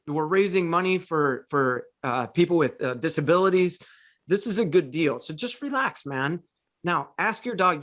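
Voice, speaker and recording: High-pitched and a touch bright, this man's voice leads a casual talk show where he spins long stories. He's a podcast host and dog trainer, and his storytelling chat rambles, restarting often and packed with fillers.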